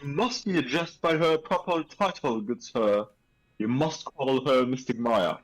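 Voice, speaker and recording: A man's voice: fairly high pitch, huge pitch swings, unhurried, faint music behind, full character voice, poor audio. A man putting on a stern old village matriarch. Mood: stern formal. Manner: formal, scolding, says "good sir" often.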